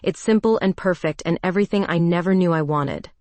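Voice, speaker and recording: Low-voiced woman narrating a story. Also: fairly quick, darkish tone, no room sound. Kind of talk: first-person audio story narration.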